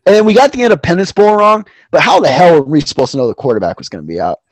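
A man's voice: on the high side, expressive, racing. A man co-hosting a casual sports betting chat, rambling and profane with lots of fillers. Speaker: podcast co-host.

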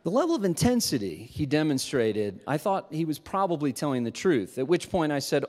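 A man preaching to a live audience, telling a self-mocking story with animation and dropping to a hushed tone when he reflects. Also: a little high, sing-song, a little fast, few pauses. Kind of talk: sermon storytelling. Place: large hall with a live audience. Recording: long hall reverb.

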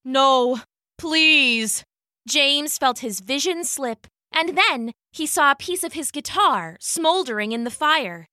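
Slow, bright-voiced woman storyteller. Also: high-pitched, lively intonation, dry recording, clean studio sound. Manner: measured, unhurried storytelling. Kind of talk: scripted story narration.

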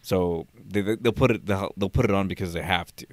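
A man's voice: low-pitched, a little fast, darkish tone, dry recording. A man chatting casually, telling a rambling story full of restarts and swearing, laughing as he goes. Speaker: office worker. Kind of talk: casual chat.

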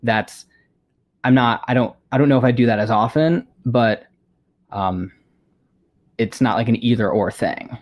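A man's voice: medium pitch, fairly even intonation, a little slow, long pauses, lo-fi sound. A man answering interview questions over a video call from a home room with bookshelves, thoughtful and often opening with "well, I mean". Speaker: guest, Christian apologist.

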